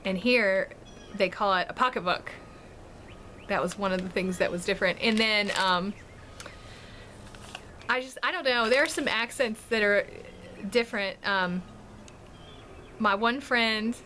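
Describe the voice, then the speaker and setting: A woman's voice: mid-range voice, unhurried, long pauses, pushed and bright, a little hiss or hum. A woman in her thirties from the Washington DC area, chatting casually to camera as a family vlogger, laughing often through rambling anecdotes. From Washington DC and Maryland area.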